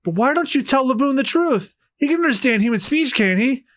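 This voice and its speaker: A man voicing a shocked, tender-hearted young pirate, reading a comic aloud in a high, pleading voice. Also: animated, fairly quick, a bit bright. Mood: outraged.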